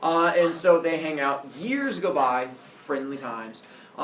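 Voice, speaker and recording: Guy teacher goofing thru a myth for the class, lively up and down voice, echoey room, mic far away, faint noise. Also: fairly high pitch, a little slow. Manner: jokey, animated, acts out characters. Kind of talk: storytelling lesson. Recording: roomy classroom audio from far off.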